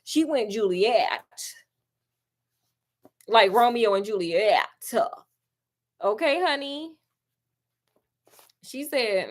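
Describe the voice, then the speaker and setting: Chatty woman with a higher voice. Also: takes it slowly, long pauses, slight background noise. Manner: animated, chatty, calls viewers girl and honey. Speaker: film review vlogger. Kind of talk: casual chatty film review.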